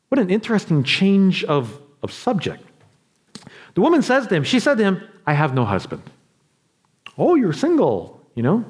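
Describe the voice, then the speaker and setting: A man preaching a sermon as a pastor. He drops to quiet asides and builds to impassioned appeals, acting out quoted voices along the way. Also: fairly high pitch. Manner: acts out quoted voices in a chatty way.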